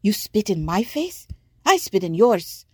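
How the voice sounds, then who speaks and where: A woman's voice: fairly low pitch, lively intonation, normal speed, warm tone, breathy edge, no room sound, clean studio sound. A woman voicing a bold, hot-tempered young girl who talks back indignantly. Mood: defiant. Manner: defiant, indignant.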